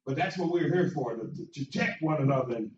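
A male pastor preaching a sermon and inviting people to join the church, repeating phrases and building to shouts. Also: medium pitch, lively intonation, fast. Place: church sanctuary. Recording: echoey church sound, distant mic, dull.

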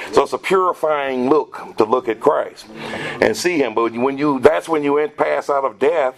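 A man's voice: medium pitch, moderate pace, gravelly, hardly any pauses, low-quality recording. A man leading a Bible study, explaining scripture, quoting verses and putting questions to the group.

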